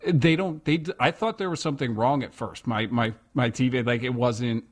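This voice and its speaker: A man's voice: mid-range voice, moderate pace. Chatty man rambling with restarts. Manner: chatty, animated, many restarts. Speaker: podcast co-host. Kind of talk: casual chat.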